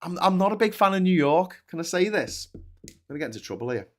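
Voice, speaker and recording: A man's voice: high voice, big pitch swings, fast. A British man hosting a live stream, chatting casually and rambling, with lots of restarts and asides. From Britain. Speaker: host of a live stream show.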